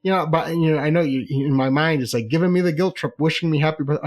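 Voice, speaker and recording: A man's voice: fairly high pitch, fast talker. Chatty man telling a personal story. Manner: chatty, animated, repeats himself for effect.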